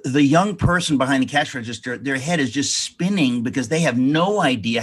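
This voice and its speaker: A husky-voiced man recounts a family memory as an interview guest. He rambles and often restarts his sentences as he goes. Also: mid-range voice, fairly bright tone. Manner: rambling, self-correcting anecdotes. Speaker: author guest. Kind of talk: storytelling in an interview.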